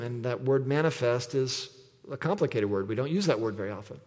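A man's voice: medium pitch, lively intonation, a little fast, darkish tone. A man preaching a sermon as pastor, emphatic, repeating scripture and asking rhetorical questions. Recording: long reverb of a large hall.

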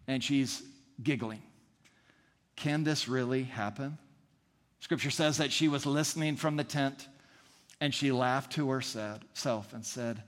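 A man preaching a sermon as the pastor, earnest and fond of repeating phrases for emphasis. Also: mid-range voice. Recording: long reverb in a large hall.

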